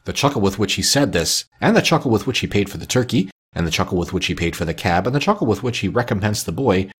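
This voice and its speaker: A man narrating a classic story with a lively, expressive reading. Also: on the low side, fast, husky.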